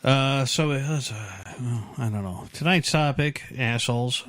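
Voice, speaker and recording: A man's voice: medium pitch, unhurried, fairly bright tone, dry recording, faint music behind. A man hosting a podcast, telling crude, joking stories in casual banter. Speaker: podcast host.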